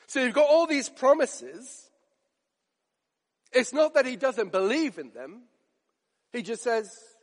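A man's voice: high-pitched, big pitch swings, unhurried, long pauses, a bit bright. A man preaching a sermon in an earnest, emphatic way, repeating phrases for effect. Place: church. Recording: long reverb of a large church.

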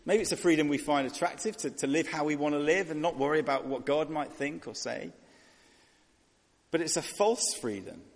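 A man's voice: on the high side, normal speed, vocal fry, long reverb tail. A man preaching a sermon in a conversational way, asking rhetorical questions and voicing characters.

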